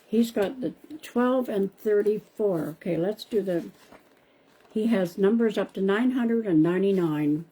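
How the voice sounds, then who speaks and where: Chatty woman with a mellow voice. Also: medium pitch, a little slow, breathy edge. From Canada. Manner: chatty, addresses viewers by name, repeats phrases. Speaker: psychic medium hosting a live stream. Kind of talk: casual live-stream chat answering viewers.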